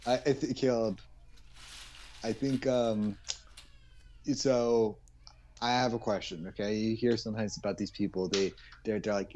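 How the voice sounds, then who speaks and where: A man's voice: fairly low pitch, steady tone, measured pace, long pauses, a little mellow, slight background noise. A young man in casual chat with a friend, rambling, joking and swearing as he acts out a silly cartoon story. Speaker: co-host.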